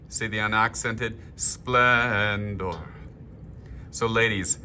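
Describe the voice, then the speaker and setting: A man leading a choir rehearsal talk-through, explaining markings and singing short phrases in falsetto to show them. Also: steady tone, moderate pace, bright, forceful tone, slight background noise. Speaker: choir director. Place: room, filming himself. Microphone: handheld camera.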